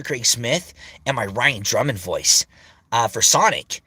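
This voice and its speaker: A man's voice: medium pitch, expressive, moderate pace, pushed and bright, slightly rough, dry recording. A man in his thirties, a voice actor chatting casually on a livestream, rambling and swearing freely. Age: 30s. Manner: rambling, searching for words.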